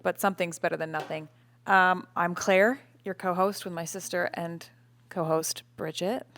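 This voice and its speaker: A woman's voice: on the low side, normal speed, no echo. Woman, late 20s, podcast co-host, chatty and giggly, dry mic. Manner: chatty, laughs often, animated retelling. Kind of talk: casual chat. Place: home. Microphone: podcast microphone with cover.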